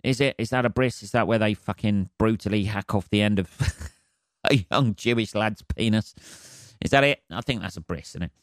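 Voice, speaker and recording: A man's voice: lowish voice, normal speed, dry recording, studio quality. A man hosting a solo podcast, ranting in a sweary, rambling way. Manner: sweary, rambling, laughing asides. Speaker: podcast host. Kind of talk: solo comedic rant.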